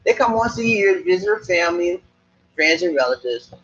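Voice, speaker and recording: A man from Charleston, South Carolina, with a Gullah Geechee accent hosts a casual live stream from the Cebu area of the Philippines, chatting straight to viewers and repeating himself. His high voice is animated, a little fast and a bit bright. The recording is muffled.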